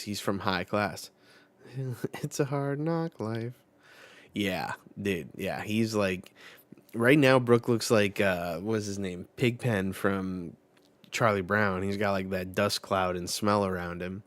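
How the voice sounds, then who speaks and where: A man's voice: deep voice, animated, slow. A man hosting a casual live manga reaction, laid-back and rambling with many fillers.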